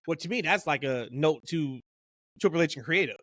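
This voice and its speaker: A man's voice: on the high side, expressive, brisk, a bit bright, dry recording, clean studio sound. A man co-hosting a podcast, chatting casually and rambling with lots of "like" and "you know". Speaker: podcast co-host. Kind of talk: casual chat.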